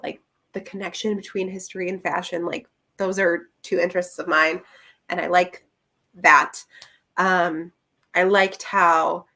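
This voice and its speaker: A woman's voice: lowish voice, bright, forceful tone. Chatty young woman reviewing books. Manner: chatty, rambling, full of fillers and laughs. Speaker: book reviewer. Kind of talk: casual book review chat.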